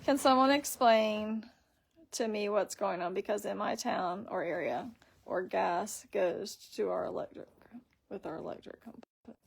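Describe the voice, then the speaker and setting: A woman's voice: medium pitch, a little slow, creaky, breathy edge. A woman hosting a casual live stream on her phone, rambling through her story and reading viewer comments aloud.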